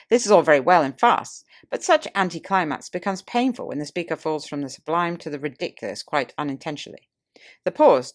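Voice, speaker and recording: A woman, a toastmaster, reading a public speaking book aloud as an audiobook in a measured, deliberate way with expressive emphasis. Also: low voice. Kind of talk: scripted audiobook narration.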